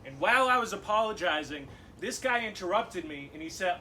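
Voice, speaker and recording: Young man, stand-up comic, high bright voice, picked up from a distance in a club. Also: fairly quick, hardly any pauses, noisy background. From Massachusetts. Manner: animated, punchy delivery with laughing asides. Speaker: stand-up comedian. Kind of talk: stand-up set. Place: comedy club.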